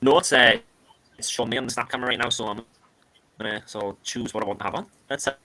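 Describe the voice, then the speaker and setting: A man's voice: mid-range voice, steady tone, quick pace, pushed and bright. A man chatting casually and playfully with friends on a video call, clowning around and swearing.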